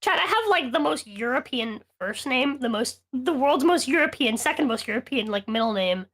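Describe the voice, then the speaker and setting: A woman's voice: high voice, expressive, normal speed, fairly bright tone. A woman co-hosting a podcast, telling stories in a heated, profane, rambling way. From Latina. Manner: profane, heated ranting storyteller. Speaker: podcast co-host. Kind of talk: casual storytelling chat.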